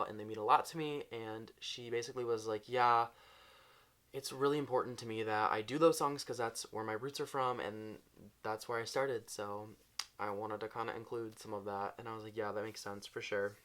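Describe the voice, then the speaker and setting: A man's voice: on the low side, a bit bright, clean tone. A young man telling a storytime vlog, bubbly and gushing, with "like" in nearly every line. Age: young adult. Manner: bubbly, gushing, says "like" constantly. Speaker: vlogger.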